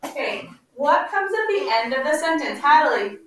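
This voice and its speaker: A woman teacher leading a class with call-and-response questions, slowing down to stress key words. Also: high-pitched, sing-song. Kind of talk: classroom instruction. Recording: echoey room, mic far off, faint noise.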